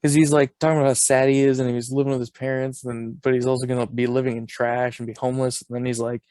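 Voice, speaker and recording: A man's voice: medium pitch, steady tone, fast, warm tone, dry recording, studio quality. A young adult man co-hosting a podcast, chatting casually, rambling as he recounts scenes and laughing often. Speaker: podcast co-host. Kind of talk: casual chat.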